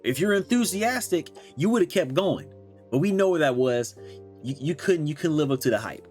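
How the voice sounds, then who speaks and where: A man's voice: a little high, expressive, normal speed, darkish tone, faint music behind. A young man ranting heatedly about games, swearing and talking in slang. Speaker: gaming commentator. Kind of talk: angry reaction rant.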